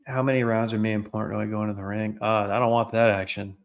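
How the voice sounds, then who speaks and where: A man's voice: lowish voice, level tone, a little fast, highs cut off. A man with a Worcester, Massachusetts accent, co-hosting a casual sports podcast in a playful, teasing way. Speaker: podcast co-host.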